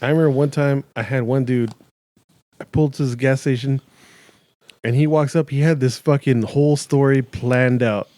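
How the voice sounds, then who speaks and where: A man's voice: medium pitch, steady tone, moderate pace, dark tone, no echo. Laid-back man telling a sweary anecdote. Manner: profane, laid-back storyteller. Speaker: podcast co-host. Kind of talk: casual chat. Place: studio.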